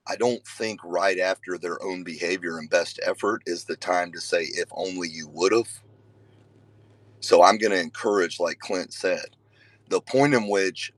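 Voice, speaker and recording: A man, a father and youth wrestling coach, talking casually to a group, telling stories earnestly with sudden emphatic loud bursts and conversational fillers. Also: sits low, no echo, poor audio.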